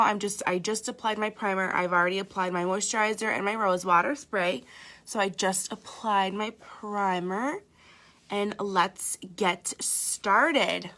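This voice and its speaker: A woman's voice: medium pitch, a bit bright. A young woman from the Cleveland area, slightly sick and nasal, chatting casually through a live makeup tutorial and greeting viewers. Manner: chatty, greets viewers by name, many fillers. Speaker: makeup artist livestreaming.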